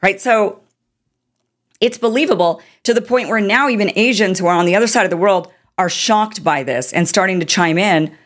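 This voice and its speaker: A woman's voice: medium pitch, normal speed. A woman hosting political commentary, talking in an indignant, sarcastic way. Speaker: commentary host.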